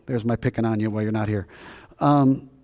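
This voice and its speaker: A man preaching a sermon as pastor, conversational, swinging between loud emphasis and quiet asides. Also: lowish voice, fairly even intonation, brisk. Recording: long reverb.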